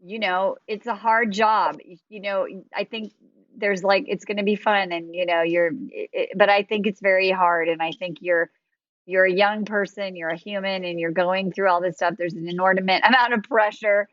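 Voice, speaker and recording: A woman's voice: mid-range voice, fairly even intonation, moderate pace, a bit bright, highs cut off. A woman hosting a podcast, chatting casually and animatedly about dating with lots of fillers. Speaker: dating coach and podcast host.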